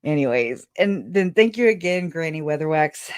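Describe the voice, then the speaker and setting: A woman with a low, expressive voice hosts a casual livestream, reading viewer comments aloud at a moderate pace in smooth, clean studio sound with no room noise. She rambles, laughs a lot, swears casually, and comes across as emotional and grateful.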